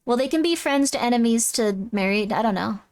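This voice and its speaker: Over game music, a woman streamer chats casually as she plays, gushing, rambling and apologizing often. Her voice is slightly high, lively and quick.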